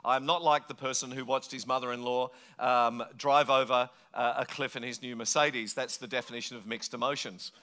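A man's voice: medium pitch, fairly even intonation, moderate pace, hardly any pauses, sharp tone. A man from England preaching a sermon in a conversational, joking way, slipping into mimicked voices. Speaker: pastor.

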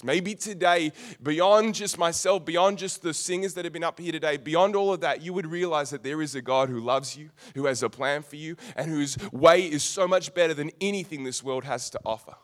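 A man's voice: fairly high pitch, moderate pace, few pauses. A young man preaching a sermon, telling stories with humorous asides. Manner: storytelling, animated, with humorous asides.

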